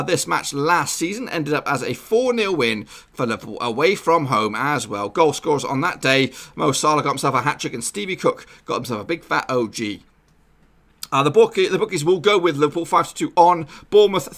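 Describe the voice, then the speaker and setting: Brief: cheery male football predictions vlogger, slightly high voice, jokey banter. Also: bright, forceful tone. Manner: upbeat, jokey, repeats catchphrases. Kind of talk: casual football prediction chat.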